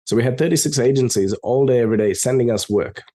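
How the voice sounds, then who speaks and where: A man being interviewed as a software company co-founder, telling stories and acting out the dialogue in a raised voice. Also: medium pitch, fast talker. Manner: animated, acts out quoted dialogue in a raised voice. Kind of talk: storytelling in an interview. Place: lives in Melbourne.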